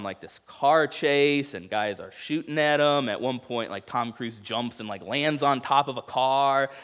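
A young adult man preaching a sermon, telling stories and acting out quoted lines with big jumps in his voice. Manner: animated storytelling, acts out quotes with big pitch jumps. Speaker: pastor.

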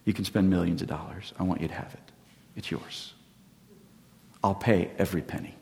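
A man voicing a calm, generous stranger who speaks softly and earnestly. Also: sits low, normal speed, creaky, a little hiss or hum, voice pushed down. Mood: quiet earnest. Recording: long hall reverb.

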